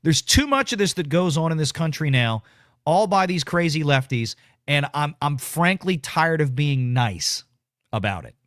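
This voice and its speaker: A man hosts a casual political commentary livestream, ranting bluntly as he reads viewer super chats. His voice is on the high side and fairly bright, with lively intonation and a moderate pace, recorded clean in a studio with no room sound.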